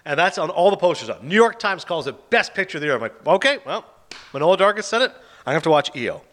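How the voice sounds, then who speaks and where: Retelling movie plots with lively sarcasm, a male podcast host reviews films in a relaxed chat. He speaks fast, and his pitch ranges widely.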